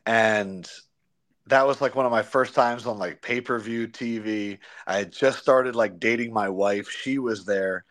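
A young man, a sports broadcaster, chatting in an interview, telling stories with slang and quick impressions of colleagues. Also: lowish voice. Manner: animated storyteller, slangy, does quick impressions. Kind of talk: casual interview chat.

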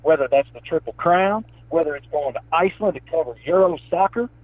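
Man, Appalachian accent, interview guest, folksy storyteller, somewhat high voice, tinny phone line. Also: a little fast, no echo. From southwest Virginia, Appalachia. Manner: animated storytelling, says man and brother. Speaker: guest, sports reporter. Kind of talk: casual interview.

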